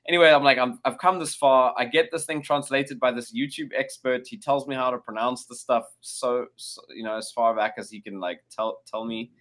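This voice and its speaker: A man's voice: mid-range voice, fairly even intonation, moderate pace, few pauses, fairly bright tone. A man, a game developer guest, chatting casually and rambling, with many fillers and restarts. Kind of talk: casual chat.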